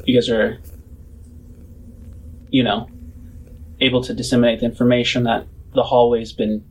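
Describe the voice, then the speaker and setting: A man narrating as game master of a tabletop game, describing scenes in an unhurried, casual way. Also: medium pitch, level tone, slight background noise, rough recording.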